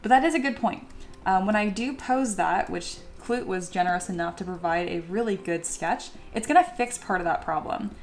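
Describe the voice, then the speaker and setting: A woman's voice: on the low side, normal speed, hardly any pauses, soft background music. A woman talking casually through her digital sculpting work, thinking aloud with fillers as she answers a viewer. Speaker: 3D modeling creator. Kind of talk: casual tutorial commentary while sculpting.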